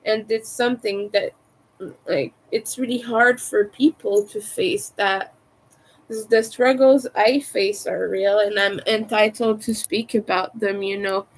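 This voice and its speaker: Slow-talking woman with a French accent. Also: medium pitch, poor audio. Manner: carefully overpronounces her T's. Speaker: crochet livestreamer. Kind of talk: casual livestream chat.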